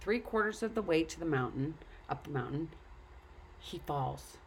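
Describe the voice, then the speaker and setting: A woman's voice: sits low, animated, normal speed, slight background noise. A woman telling a story and earnestly urging the listener to take care of themselves. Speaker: speaker. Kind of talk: casual motivational talk.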